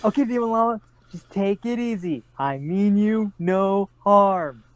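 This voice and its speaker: A man doing a gentle, flustered cartoon peasant. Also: high-pitched, a little slow, smooth, no echo. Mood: nervous. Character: kind, nervous peasant father, male, middle-aged.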